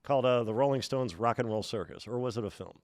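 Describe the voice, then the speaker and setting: A man co-hosting a podcast in casual chat, talking thoughtfully and hedging, with many "uh" and "um" pauses. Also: medium pitch, a little mellow, no echo, studio quality. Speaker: podcast co-host.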